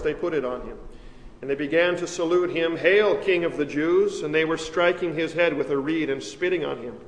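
A man reads the Gospel at a service, slow and solemn, each phrase set down with a steady cadence. His voice sits a little high for a man. The sound rings through a large, reverberant church with a faint room hum behind it. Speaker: deacon reading the Gospel. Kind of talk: liturgical Gospel reading. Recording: echoey church, reverb from far.

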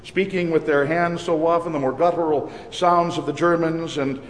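A man with a Minnesotan accent, a pastor preaching a sermon in a measured, deliberate cadence. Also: a little high, fairly even intonation, a little hiss or hum. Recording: echoey church hall with long reverb.

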